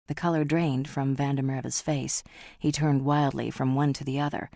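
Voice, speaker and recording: Audiobook narrator: woman, very deep, dry, dramatic and measured. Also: flat delivery, creaky, dark tone, no echo.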